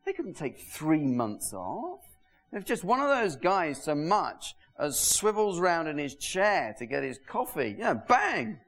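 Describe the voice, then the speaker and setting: A man's voice: a little high, measured pace. A man doing a dry, sardonic stand-up comedy monologue to an audience. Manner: dry, sardonic, deadpan delivery. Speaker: stand-up comedian and show host. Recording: hissy VHS tape rip. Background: audience laughter.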